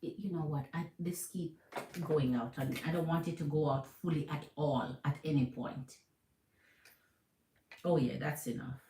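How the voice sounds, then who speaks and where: Animated Jamaican woman reading tarot. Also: low voice, moderate pace, long pauses, slight background noise. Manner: animated, repeats phrases, calls viewers Queen. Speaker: tarot reader. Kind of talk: live tarot reading to viewers. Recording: echoey room.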